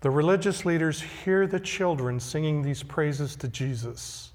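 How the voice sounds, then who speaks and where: A male pastor preaching a sermon, emphatic and deliberate, repeating key phrases. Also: on the high side, a little hiss or hum. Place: church sanctuary. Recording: long hall reverb.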